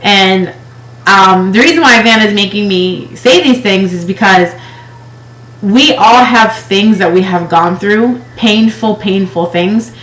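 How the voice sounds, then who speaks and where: This woman speaks slowly, her mid-range voice a bit bright, as she candidly shares an emotional personal story from her past. She's a weight-loss project participant who acts out quoted voices, recorded in an echoey room.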